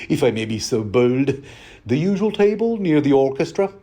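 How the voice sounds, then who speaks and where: A man voicing an overly polite woman hostess in a prim, high voice. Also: sing-song, normal speed, mellow. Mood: mock polite. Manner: prim, mock-genteel.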